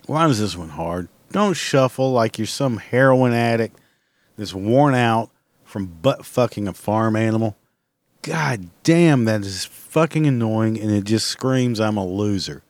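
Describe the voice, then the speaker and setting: A man delivering a comic rant, exasperated and swearing constantly, breaking into loud outbursts. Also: fairly low pitch, expressive, measured pace, dry recording. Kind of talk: profane comedic rant.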